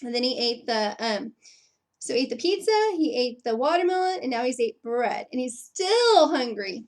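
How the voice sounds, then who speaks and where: A woman's voice: fairly high pitch, normal speed. A woman reading a picture book aloud to children, stopping to ask them questions about the story. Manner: lively, questioning, with put-on character voices.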